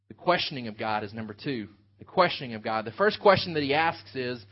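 A man's voice: on the high side, lively intonation, moderate pace. A man preaching an earnest sermon, working through a scripture passage for his congregation. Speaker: pastor. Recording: dull lo-fi sound.

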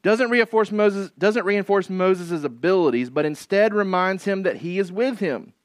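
Conversational, higher-voiced male pastor. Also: moderate pace, no echo. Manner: conversational preaching with frequent "right?" and "like"; emphatic, repeats key phrases for effect. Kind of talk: expository sermon.

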